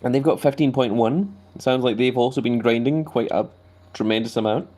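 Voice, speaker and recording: A man hosting a live stream. He chats casually, fills his talk with hedges, and his pitch jumps up whenever he reads out viewer comments. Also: fairly quick, darkish tone. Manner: hedging with many fillers.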